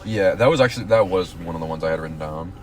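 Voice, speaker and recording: A man's voice: sits low, rapid-fire, soft background music. A young man co-hosting a podcast in casual chat, rambling with restarts and swearing. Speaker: podcast co-host.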